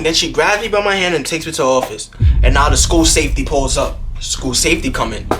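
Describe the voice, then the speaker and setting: Lively young man telling a story. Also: on the high side, fast, soft background music. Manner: acts out other people's voices in the story. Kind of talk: animated storytime.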